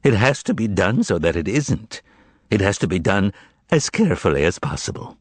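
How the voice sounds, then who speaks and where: A man voicing a fussy, theatrical male sidekick in an audiobook, excitable and wailing. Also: normal speed, slightly rough, no echo, heavily acted. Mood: sly. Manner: excitable, high and shrill. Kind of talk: audiobook character voice.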